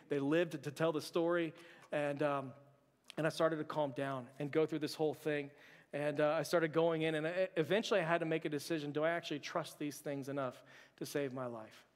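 A man preaching a sermon as a pastor, telling a personal story with humor, and dropping to a hushed voice for his quoted thoughts. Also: fairly high pitch, steady tone, fairly quick. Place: church sanctuary. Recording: church hall with long reverb.

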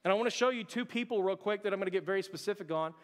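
A man preaching a sermon as a pastor, telling a personal story with humor, and dropping to a hushed voice for his quoted thoughts. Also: high-pitched, very fast. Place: church sanctuary. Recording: church hall with long reverb.

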